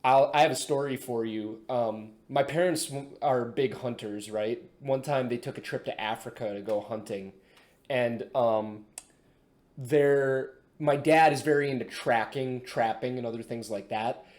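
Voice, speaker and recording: A man's voice: medium pitch, unhurried, a little mellow. A man co-hosting a podcast, telling stories in casual chat, swearing freely and breaking into laughter. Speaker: podcast co-host.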